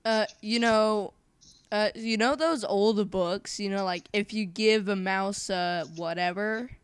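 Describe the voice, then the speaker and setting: A young woman co-hosting a casual podcast chat, rambling with lots of fillers and quick giggles. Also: mid-range voice, fairly even intonation, clean tone, no room sound. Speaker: podcast co-host.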